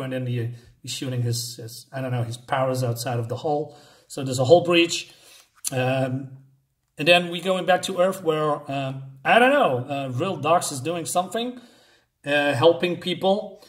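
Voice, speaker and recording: A man casually recapping a comic issue, halting often with fillers and unsure asides. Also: medium pitch. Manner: hesitant, many fillers and restarts, unsure asides. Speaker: comic book reviewer.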